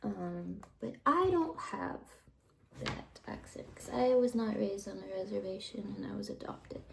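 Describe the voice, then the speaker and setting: Slow, gravelly-voiced woman telling stories. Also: medium pitch, slight background noise, low-quality recording. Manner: rambling, drops into soft whispered asides. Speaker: vlogger telling personal stories. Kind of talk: casual storytelling monologue.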